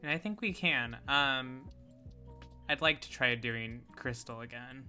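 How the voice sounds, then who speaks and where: A woman's voice: very deep voice, measured pace, pushed and bright, soft background music. A woman co-hosting a casual gaming stream, chatting loosely and laughing often while reacting to the game. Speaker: streamer co-host.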